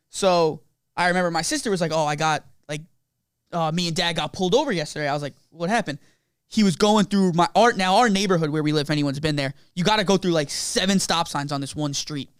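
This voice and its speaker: High-voiced young man chiming in. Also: quick pace, fairly bright tone, smooth, no echo, studio quality. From Long Island, New York. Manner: chiming in, casual slangy storyteller. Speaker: podcast co-host. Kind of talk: casual storytelling chat.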